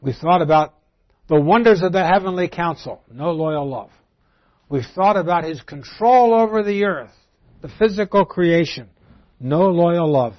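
A man giving an expository Bible lecture, reading verses aloud and explaining them, moving between emphatic lines and very quiet ones. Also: high voice, normal speed. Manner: swings from emphatic to very soft and quiet. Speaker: Bible teacher. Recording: dull lo-fi recording.

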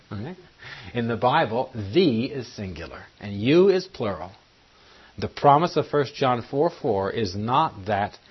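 A low-voiced man preaching a sermon, with a husky grain to his voice. He teaches through the verses and keeps asking his listeners questions. The recording is muffled and lo-fi. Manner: teaching Bible study, engaging the audience with questions.

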